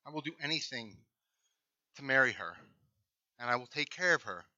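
A man's voice: mid-range voice, expressive, normal speed, pushed and bright, dry recording, dull audio. A man voicing an earnest young man pleading to marry a farmer's daughter, eager and pleading.

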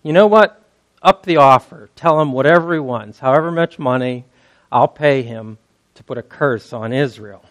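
A preacher doing a greedy king barking orders, loud and raised in pitch. The voice is pushy and emphatic but close to the man's own. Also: normal speed, lightly acted. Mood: insistent. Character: greedy scheming male king.

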